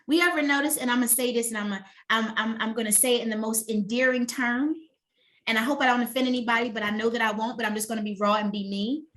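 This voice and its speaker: A woman's voice: on the high side, steady tone, quick pace, a bit bright. A middle-aged woman wellness coach giving a motivational master class talk. She speaks emphatically and conversationally and keeps checking in with her listeners.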